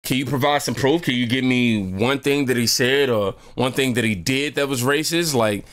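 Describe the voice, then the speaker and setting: A man voicing a calm, probing woman driver in a told story, raising his pitch for her questions. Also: normal speed, close to an everyday voice. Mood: questioning. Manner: raised-pitch quoting voice, questioning.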